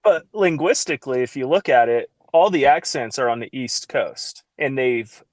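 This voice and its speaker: A man's voice: medium pitch, lively intonation, normal speed, no echo. A man guest on a podcast, explaining his views with dry teasing in casual chat.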